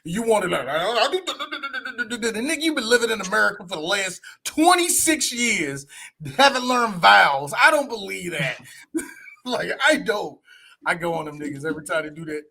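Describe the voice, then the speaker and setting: A man co-hosting a podcast, talking in a high, bright, cutting voice. He rants in loose, profane casual chat and often breaks into laughter. The energy stays animated throughout. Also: normal speed, creaky. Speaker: podcast co-host. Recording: audio podcast.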